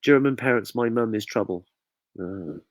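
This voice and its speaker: A man's voice: lowish voice, moderate pace, dry recording. Chatty man hosting a quiz. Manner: chatty, reads out viewer comments, jokey. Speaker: quiz host. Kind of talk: casual live quiz chat.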